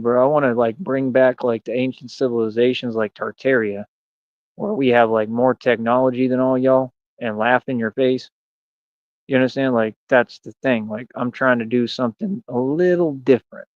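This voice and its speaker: A man's voice: medium pitch, no echo. A man hosting a livestream, rambling boastfully and taunting his chat in slangy, casual talk. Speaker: livestream host. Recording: dull, lo-fi dry mic.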